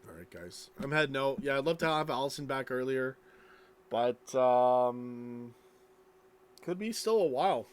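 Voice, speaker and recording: A man's voice: medium pitch, lively intonation, unhurried, smooth. A tired man streaming late at night, reading chat and rambling casually, yawning as he talks. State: sleepy, yawning.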